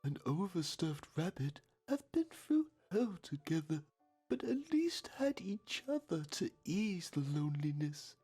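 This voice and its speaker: An actor playing a solemn male TV documentary narrator, deadpan and grave. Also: a little high, a little slow, slightly rough, soft background music, exaggerated voice.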